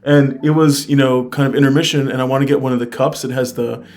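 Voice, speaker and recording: A man's voice: mid-range voice, steady tone, quick pace, darkish tone. A young man from the United States chatting casually in a travel vlog, candid and upbeat, full of fillers. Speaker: travel vlogger.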